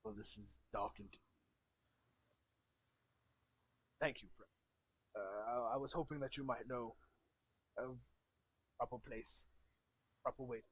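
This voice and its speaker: A man voicing a formal, fretful old male wizard in a tabletop role-play, speaking in a stiff, halting way. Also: mid-range voice, big pitch swings, creaky, fairly bright tone, husky, voice pushed down, heavily acted. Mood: solemn.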